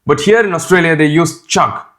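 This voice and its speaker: A man's voice: a little high, normal speed, fairly bright tone. A man with an Indian accent whose first language is Tamil, giving a casual spoken tutorial as a YouTuber in a chatty, direct way, often adding "man" and "right?".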